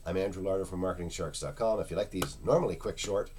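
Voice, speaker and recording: A man's voice: low voice, quick pace, a little mellow, a little hiss or hum. A man talking casually and unscripted in a product review video, rambling and searching for words with many fillers. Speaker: internet marketing product reviewer.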